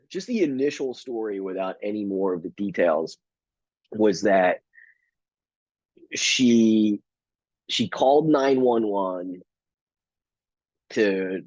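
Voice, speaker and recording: A man's voice: low voice, darkish tone, no echo, muffled recording. A man hosting a comedy podcast, telling stories casually with rambling, stammering restarts and swearing.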